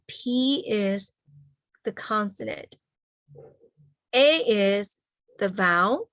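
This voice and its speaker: A woman teaching a language lesson over a video call. Her voice sits at an ordinary middle pitch, and the sound is dry and close with no room around it. She spells things out slowly and keeps checking in with "okay?" after each point. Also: a bit bright, dry recording. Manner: slow, careful spelling-out of letters and sounds.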